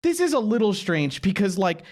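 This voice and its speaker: A man co-hosting a podcast in casual chat, animated and quick to break into exaggerated quoted voices. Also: high-pitched. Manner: animated, swings into excited and mocking quoted voices. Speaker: podcast co-host.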